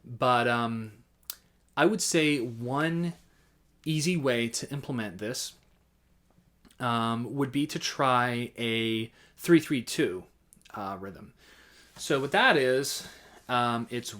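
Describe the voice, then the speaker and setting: A man gives a casual music lesson at a middle pitch, halting with fillers and singing rhythm patterns in nonsense syllables. Soft guitar playing sits faintly behind his voice. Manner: relaxed, halting, vocalizes rhythms with scat syllables. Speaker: music teacher. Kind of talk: casual instructional talk.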